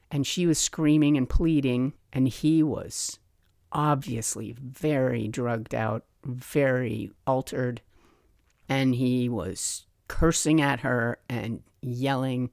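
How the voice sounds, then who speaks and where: A woman hosting her own podcast, telling a personal story in a lively way and acting out the voices she remembers. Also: extremely low pitch, no echo, studio quality. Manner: animated, acts out remembered voices. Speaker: podcast host.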